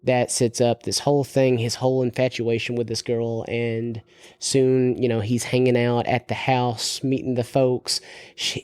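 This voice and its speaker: A male podcast co-host who rambles through a casual movie chat, full of jokes and fillers. His medium-pitched voice sits close and dry on the mic with no room echo. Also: level tone, a little slow, a little mellow, clear, resonant tone.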